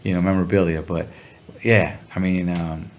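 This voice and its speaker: A man telling a story in a relaxed interview, talking in slang and sounding animated when he quotes people. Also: low voice, normal speed, slight background noise. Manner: laid-back, slangy, animated when quoting others. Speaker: guest musician.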